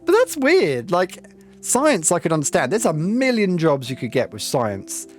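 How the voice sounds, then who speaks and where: Over faint game music, a man with a high voice whose pitch swoops wildly talks at normal speed to live viewers while playing. His chat is casual, rambling and reflective, thick with ums.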